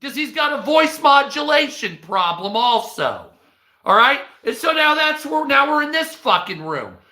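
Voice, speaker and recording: High, bright-voiced man ranting. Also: normal speed, roomy sound. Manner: profane, animated, acts out quoted voices. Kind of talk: casual ranting commentary.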